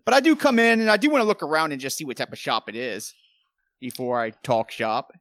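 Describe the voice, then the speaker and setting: Male player, animated, higher voice, dry close mic. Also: brisk, dry recording. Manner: animated, laughing. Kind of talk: tabletop game play.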